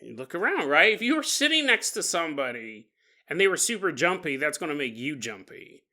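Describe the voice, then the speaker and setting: A man's voice: on the high side, big pitch swings, brisk, bright, forceful tone. A man hosting a podcast, telling a paranormal story casually with joking asides. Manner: joking asides, chuckling between lines. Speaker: podcast host.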